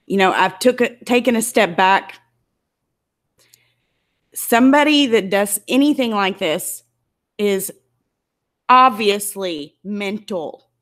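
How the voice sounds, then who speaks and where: A woman's voice: mid-range voice, unhurried, pauses often. A woman YouTuber giving an angry, emotional commentary, tearful and indignant as she talks. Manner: emotional, indignant, close to tears.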